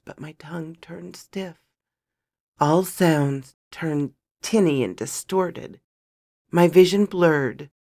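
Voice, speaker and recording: A woman narrating a first-person fantasy story in a measured, dramatic storytelling manner. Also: low-pitched, gravelly, mellow, dry recording, studio quality.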